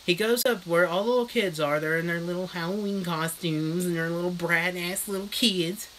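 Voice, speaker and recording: A man's voice: high-pitched, normal speed, fairly bright tone, a little hiss or hum, rough recording. A man casually recapping a book in a comic, rambling, crude manner as a live streaming reviewer.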